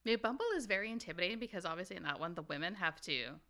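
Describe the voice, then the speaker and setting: A woman in her forties, a podcast guest in casual chat, animated and laughing often. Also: lowish voice, very fast. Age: 40s.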